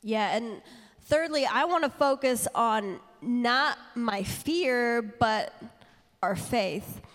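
A woman's voice: a little high, animated, slow pace, fairly bright tone. A woman sharing candidly from the church platform, earnest and building in intensity as she preaches. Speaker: speaker at church. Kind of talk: sermon. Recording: long reverb of a church hall.

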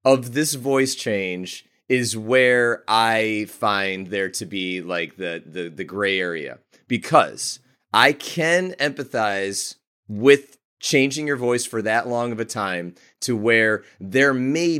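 Low-voiced man weighing his words. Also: fairly bright tone. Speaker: co-host. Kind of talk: casual chat.

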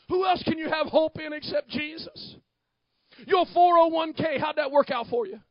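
Fiery high-voiced preacher man. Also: normal speed, no echo, lo-fi sound. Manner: fiery preaching, swinging from hushed to shouting. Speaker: pastor. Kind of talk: sermon.

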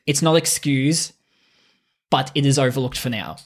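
A man's voice: mid-range voice, moderate pace. A man, casually retelling a film plot on a podcast, swearing freely and rambling through quoted lines. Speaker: podcast co-host.

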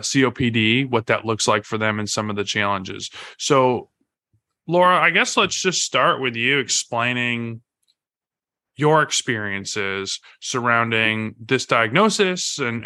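A man's voice: mid-range voice, pushed and bright, no room sound. A man hosting a hospice podcast, introducing his guest and framing questions with some repeated words. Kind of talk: podcast interview.

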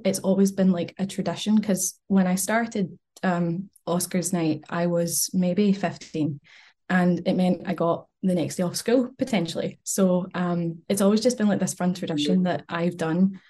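A bubbly young woman joining a podcast as a guest, with a voice a little low in pitch and mellow in tone. She chats freely and laughs often. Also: normal speed. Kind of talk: casual podcast chat.

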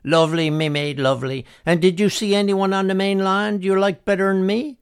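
A man's voice: sits high, fairly even intonation, moderate pace, clean tone, pitched above the performer's own voice. A man voicing a teasing fisherman with a Newfoundland accent, joking in folksy dialect. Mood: cheeky. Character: teasing male Newfoundland fisherman, cheeky flirt.

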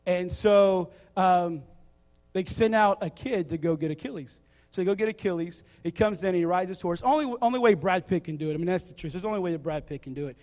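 A man preaching a sermon, joking and acting out a story in a casual, animated way. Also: high voice, a little fast. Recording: reverberant hall.

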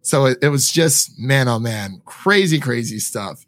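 A man's voice: medium pitch, animated, measured pace, a bit bright, no echo, clean studio sound. A man hosting a podcast, chatting casually and enthusiastically, rambling with lots of "like" and quoted asides. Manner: rambling, enthusiastic, heavy use of "like". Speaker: podcast host. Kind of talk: casual chat.

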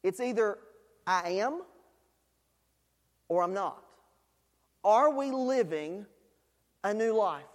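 High-voiced preacher in an echoing hall. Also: male voice, expressive, slow pace, long pauses. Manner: conversational preaching with frequent fillers, rising to emphatic questions. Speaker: pastor. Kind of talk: sermon. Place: church sanctuary.

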